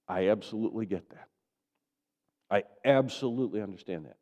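A man preaching a sermon as pastor, swinging from loud declarations to soft, low asides. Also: animated, a little fast. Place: church sanctuary.

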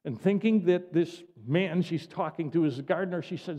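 A man delivering a sermon in an animated, conversational storytelling way with frequent asides. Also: a little high, moderate pace, few pauses. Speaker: preacher. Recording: dull lo-fi audio with long hall reverb.

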